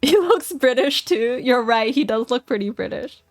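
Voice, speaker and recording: A woman's voice: fairly high pitch, animated, moderate pace, dry recording. A woman streamer chatting playfully and reading game text aloud, giggling often. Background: faint music.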